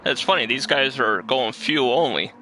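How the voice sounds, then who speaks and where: A man co-commentating a sim racing league with a bright, forceful voice. He stays laid-back, chuckles often, and talks through pit strategy. Faint noise sits under his voice. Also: mid-range voice, moderate pace, low-quality recording.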